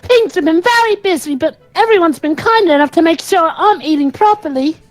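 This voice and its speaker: A polite young boy king, played by a woman, gentle and courteous. The voice sits very high. It is game dialogue read aloud among friends. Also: animated, brisk, dry recording, faint music behind, rough recording. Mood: earnest.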